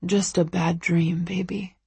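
A gentle, protective young husband murmurs softly and slowly in an audiobook, as a woman reads him. His hushed, breathy voice sits in a dry, close room. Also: sits high, level tone, no room sound, heavily acted. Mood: soothing.

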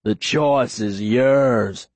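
A man voicing a menacing, fanatical preacher who speaks slowly with an eerie calm, as an audiobook character. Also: mid-range voice, no echo, voice pushed down. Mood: cold calm. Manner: slow, drawn-out, eerily calm delivery.

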